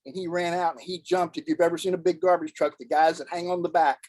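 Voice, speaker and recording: A man's voice: a little high, flat delivery, fast, a little mellow, no room sound, low-quality recording. Earnest folksy man telling a story. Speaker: guest speaker. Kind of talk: telling a personal story on a video call. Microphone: video call.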